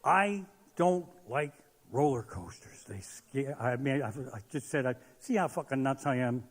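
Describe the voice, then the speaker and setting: A man doing a profane stand-up comedy set on stage, ranting and shouting his punchlines. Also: mid-range voice, expressive, unhurried. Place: live comedy stage in a large hall. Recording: live venue with long hall reverb.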